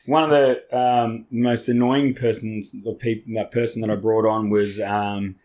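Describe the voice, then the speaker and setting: A man's voice: on the low side, little pitch movement, unhurried, darkish tone. A man with an Australian accent, a podcast guest telling stories in a loose, rambling way, swearing freely and restarting often. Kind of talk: casual storytelling chat.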